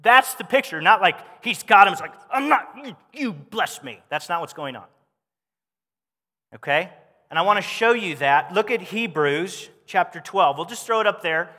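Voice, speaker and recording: Guy preaching, high bright voice, chatty and animated, big reverby church hall. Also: moderate pace. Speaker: pastor. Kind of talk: sermon.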